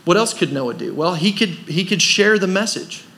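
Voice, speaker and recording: A man's voice: sits high, expressive, moderate pace, fairly bright tone. A man preaching a sermon as pastor of a church, pressing his points with rhetorical questions and rising emphasis. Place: church service.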